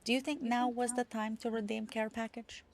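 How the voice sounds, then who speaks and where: Young woman streaming a game, excitable and cussing, gravelly voice. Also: fairly high pitch, moderate pace. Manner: excitable, swears freely. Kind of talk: casual gameplay chat.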